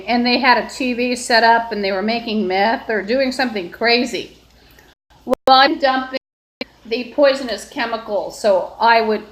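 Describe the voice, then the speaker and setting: A woman with a slightly high voice talks to her phone in a long, wandering monologue full of fillers and false starts. She is in an apartment, and the room gives her voice a noticeable echo. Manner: meandering, with frequent fillers and restarts. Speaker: livestreamer. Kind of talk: rambling solo live stream. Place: indoors in an apartment. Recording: echoey room.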